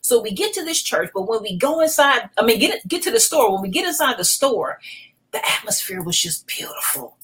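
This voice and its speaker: Middle-aged woman pastor on a podcast, telling her testimony, animated and emotional, restarts a lot. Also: fairly high pitch, brisk, few pauses, poor audio. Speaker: pastor and guest. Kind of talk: personal testimony in a podcast interview.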